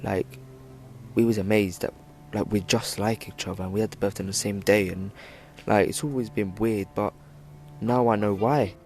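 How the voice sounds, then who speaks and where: A man's voice: lowish voice, fairly even intonation, normal speed, darkish tone, soft background music. A young man telling a personal story for his vlog, rambling with lots of "like" fillers. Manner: rambling, filler-heavy "like" delivery. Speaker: vlogger.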